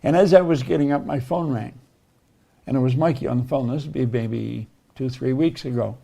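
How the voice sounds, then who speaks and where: A man's voice: mid-range voice, normal speed, creaky, warm tone. A man giving a motivational talk, telling stories in an earnest way. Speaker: motivational speaker.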